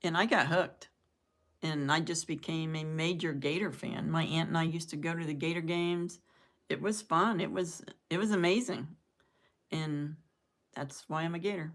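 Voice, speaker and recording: Older woman, low pitch, rambling casual live-chat host who laughs at her own jokes. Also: fairly even intonation, moderate pace. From southern United States. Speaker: live-stream host chatting with viewers.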